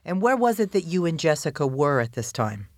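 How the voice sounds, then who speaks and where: A woman prosecutor questioning a witness in court, with measured, probing questions. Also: low-pitched, sing-song, a little mellow, dry recording, clean studio sound.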